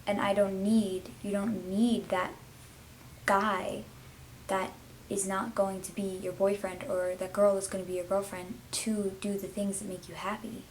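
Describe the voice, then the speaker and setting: A woman's voice: medium pitch, flat delivery, unhurried, slight background noise, low-quality recording. A teenage girl vlogging casually and heartfelt, rambling with lots of fillers as she talks. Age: teens. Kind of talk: casual confessional vlog.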